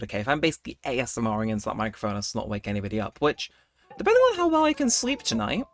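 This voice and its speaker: A man's voice: mid-range voice, a bit bright. Guy yapping over a cozy game, chill rambly late-night vibe, voice bounces around a lot. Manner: rambling, chatty, laid-back late-night talk. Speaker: gameplay video host. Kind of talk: casual let's-play commentary. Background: faint game music.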